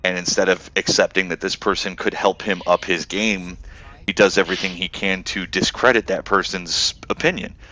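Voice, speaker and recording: A man's voice: steady tone, moderate pace, pushed and bright, rough recording. A man chatting casually on a gaming stream, reflective and profane. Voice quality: profane, reflective, quotes others in high mocking voices. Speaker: gamer on a voice chat stream. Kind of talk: casual chat about a space game.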